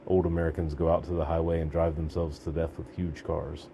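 A man reading a story aloud in a gritty, deadpan manner, breaking into shouts for the dialogue. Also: very deep voice, fairly quick, a little hiss or hum. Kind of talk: audiobook narration.

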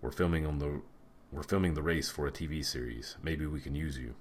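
A man's voice: extremely low pitch, a little fast, a little hiss or hum. A man reading as a breezy young groupie.

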